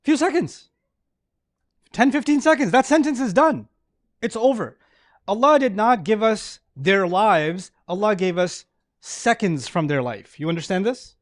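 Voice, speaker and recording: A middle-aged man giving an animated religious lecture to a live audience, often asking them questions. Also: high voice, unhurried, dry recording, clean studio sound. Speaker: Islamic lecturer.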